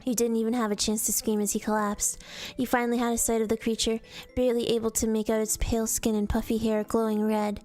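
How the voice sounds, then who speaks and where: Fairly high in pitch with little pitch movement, this woman talks fast in a slightly mellow tone over soft background music. She's a streamer reading a fan's story aloud storyteller-style, casually slipping up and restarting words at times.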